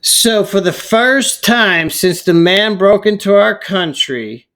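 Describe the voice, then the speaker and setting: A man's voice: high-pitched, lively intonation, slow, bright, forceful tone. A man ranting heatedly in a political commentary vlog, often stumbling over his words.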